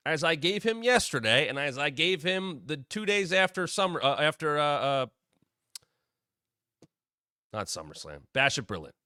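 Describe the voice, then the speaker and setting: A man hosting his own wrestling talk show, giving casual solo commentary and quoting people in quick asides. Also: fairly high pitch, dry recording, studio quality. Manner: animated, drops into quoted voices.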